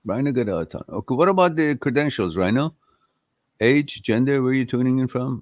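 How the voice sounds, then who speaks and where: A man's voice: mid-range voice, expressive, a little fast, darkish tone, no echo, studio quality. A man hosting a live Q&A stream, giving blunt, profane advice and laughing often.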